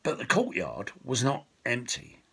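A man reading his own storybook aloud, slow and expressive. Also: mid-range voice, vocal fry, breathy edge. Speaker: author and storyteller. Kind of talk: storybook narration.

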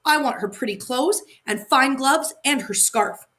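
A woman playing a shrill wild robber girl. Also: a little slow, a bit bright. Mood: pleading.

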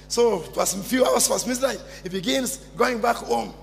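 A man preaching a sermon as pastor, emphatic and repetitive, bursting into shouts. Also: very high voice, normal speed, gravelly. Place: church. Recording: long church reverb with music behind.

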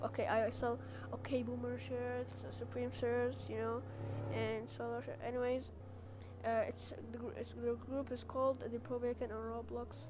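A woman's voice: fairly high pitch, flat delivery, normal speed. A woman giving casual gameplay commentary as a gaming YouTuber, chatty and reading internet slang aloud. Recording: loud game car-engine noise behind.

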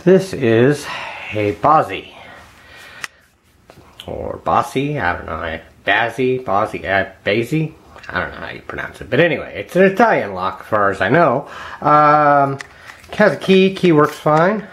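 A man casually talking viewers through picking a lock at his home workbench, thinking aloud with frequent ums and quiet mutters. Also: mid-range voice, big pitch swings, moderate pace. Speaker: lockpicking hobbyist. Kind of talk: casual hands-on demonstration vlog.

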